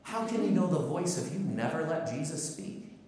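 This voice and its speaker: A male pastor preaching with a lively, swinging pitch that rises and falls, telling stories and posing rhetorical questions. His voice rings out through a large, very echoey hall with a long reverb tail. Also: normal speed, slight background noise. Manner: storytelling, lively, acts out quotes, asks rhetorical questions. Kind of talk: sermon.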